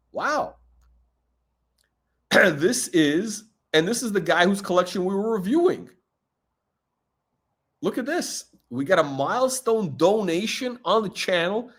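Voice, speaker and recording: A middle-aged man hosting a watch channel, chatting in a gossipy, digressive way, full of asides and fillers. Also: sits high. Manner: gossipy, digressive, heavy on "you know" fillers. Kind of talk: rambling livestream chat.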